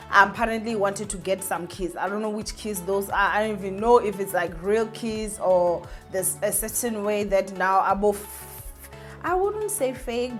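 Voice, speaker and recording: A woman's voice: mid-range voice, pushed and bright. A woman giving an opinionated vlog commentary, ranting indignantly and speaking straight to her viewers. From South Africa. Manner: emphatic, repeats points, many fillers. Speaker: entertainment vlogger.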